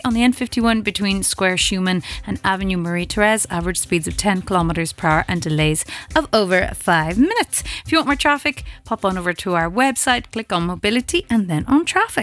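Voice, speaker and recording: A woman's voice: mid-range voice, very animated, a little fast, a bit bright, faint music behind. An Irish woman radio host chatting casually on air and reading the traffic, laughing often.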